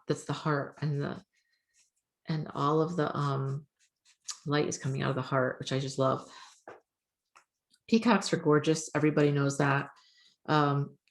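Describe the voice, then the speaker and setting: Low, gravelly woman giving spiritual encouragement. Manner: chatty, encouraging, many fillers. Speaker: spiritual podcast host. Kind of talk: casual spiritual talk with oracle cards.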